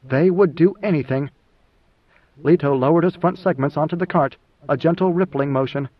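A man reads an audiobook in a measured, even storytelling manner. His voice sits high for a man, and the recording has a dull, lo-fi tone. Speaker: audiobook narrator. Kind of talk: scripted audiobook narration.

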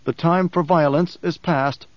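A man's voice: fairly high pitch, steady tone, a little slow, dry recording, lightly acted. A man reading a grave young ruler. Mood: calm. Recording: dull, dry audiobook sound.

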